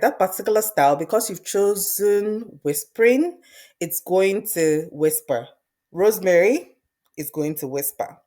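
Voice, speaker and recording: A woman presenting a screen-recorded software tutorial, explaining step by step in a conversational way, thinking aloud as she clicks. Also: on the low side.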